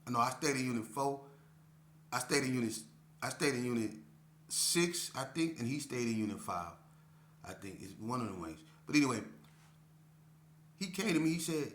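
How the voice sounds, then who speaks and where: A man's voice: mid-range voice, lively intonation, moderate pace, fairly bright tone, a little hiss or hum. A man telling prison stories casually, rambling and repeating "man" and "you know what I'm saying". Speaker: storyteller vlogger. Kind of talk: casual storytelling. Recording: roomy echo.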